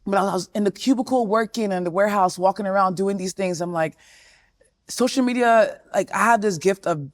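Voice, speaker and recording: Lively twenty-something woman chatting as a podcast guest, dry room. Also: mid-range voice, fairly quick, dry recording. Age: 20s. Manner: animated storytelling, often acting out quotes. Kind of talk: casual interview chat.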